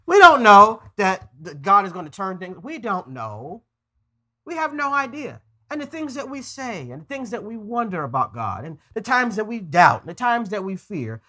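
Animated bright-voiced male preacher. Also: sits high. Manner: earnest, stumbles and repeats words while preaching. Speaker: pastor. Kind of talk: conversational sermon.

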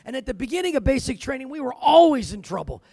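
A man's voice: very high-pitched, sing-song, fast talker, a little mellow, dry recording. A man preaching a sermon, telling his own story with emphasis and dropping in "amen" and "man" as he goes. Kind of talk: sermon with personal testimony.

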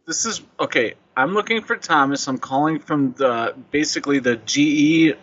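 A man with a bright, slightly raised voice speaks calmly and stubbornly. His delivery is deadpan. The recording sounds a little dull. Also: a little high, normal speed. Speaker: radio prank show host.

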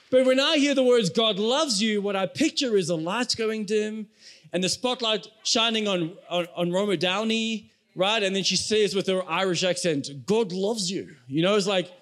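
A man's voice: high voice, fairly bright tone. A young adult man, a pastor, preaching a sermon in a conversational way and speaking straight to the congregation.

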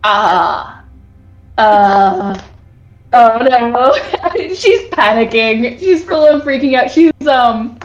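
A woman playing a tabletop game, describing her character in a hesitant way with fillers. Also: sits high. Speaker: player. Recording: dull, echoey room mic.

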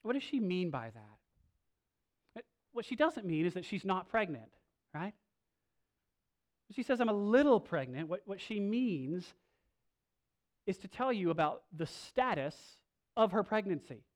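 Man preaching with dramatic loud-soft swings. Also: big pitch swings. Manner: swings between loud slow emphasis and soft low asides; conversational, with filler restarts. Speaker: pastor. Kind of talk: sermon.

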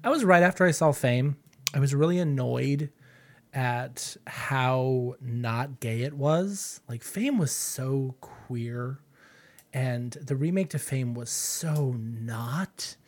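A man of mid pitch hosting a podcast at an unhurried pace. He chats casually and reflectively and laughs easily. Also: darkish tone. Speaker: podcast host.

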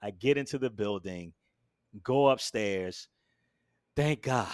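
A man telling a long personal story in a casual interview, animated and acting out what people said. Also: a little slow, no echo, clean studio sound. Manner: animated, acts out quotes with big jumps in pitch and volume. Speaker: guest.

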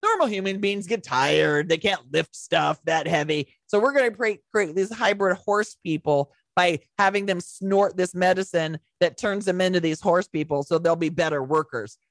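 A woman's voice: lowish voice, moderate pace, few pauses, no echo. A young woman co-hosting a podcast, casually recapping a film in a rambling, swearing, laughing way. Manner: rambling storyteller, swears a lot, laughs often. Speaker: podcast co-host. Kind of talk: casual movie recap chat.

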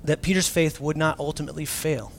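Man, pastor, casual sermon, animated, raised pitch, drops to near-whisper. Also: brisk, gravelly, a little hiss or hum. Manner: animated, swings from loud to near-whisper, acts out quotes; casual, joking preaching.

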